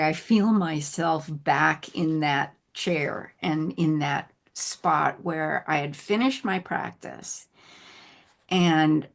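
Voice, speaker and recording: A woman telling her recovery story in a candid, animated conversational way, laughing often and going soft when moved. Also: deep voice, creaky. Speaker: guest sharing recovery story.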